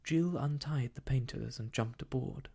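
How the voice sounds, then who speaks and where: A storyteller reading an old children's book aloud softly as a whispered role-play for sleep. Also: medium pitch, gravelly, breathy edge. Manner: soft, slow bedtime reading.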